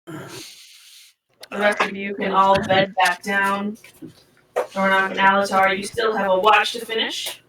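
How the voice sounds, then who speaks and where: A woman narrating as game master of a tabletop game, giggly and quick to apologize. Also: mid-range voice, little pitch movement, recorded from a distance, background noise. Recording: echoey room, off-mic.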